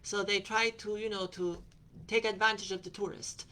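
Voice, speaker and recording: A woman's voice: medium pitch, fairly even intonation, moderate pace, sharp tone. Rambling woman telling a travel story. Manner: rambling, with frequent fillers and restarts; quotes other people in her retelling. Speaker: podcast host.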